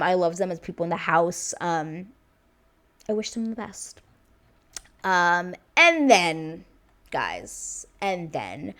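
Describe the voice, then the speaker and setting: A woman giving a chatty, unscripted review of a reality show, full of fillers and restarts. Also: lowish voice. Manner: animated, chatty, lots of fillers. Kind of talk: casual vlog review.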